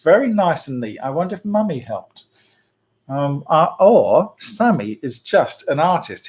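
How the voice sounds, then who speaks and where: A man with a slightly high voice hosts a children's church club online, talking casually with kids and families. He's playful and chatty, laughs easily, and often pauses for an um or uh.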